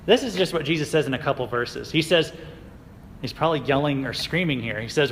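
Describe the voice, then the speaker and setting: A man preaching a sermon to a youth group in a casual, conversational way, with fillers and quick laughs. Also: medium pitch, a bit bright, long reverb tail, a little hiss or hum, rough recording. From United States. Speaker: youth pastor. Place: church sanctuary.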